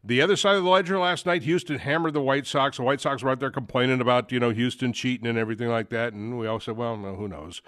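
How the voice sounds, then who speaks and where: A man's voice: medium pitch, fairly even intonation, fast, hardly any pauses, fairly bright tone, no room sound, studio quality. A man hosting a sports talk show, talking casually and rambling with many fillers and restarts. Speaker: sports radio host.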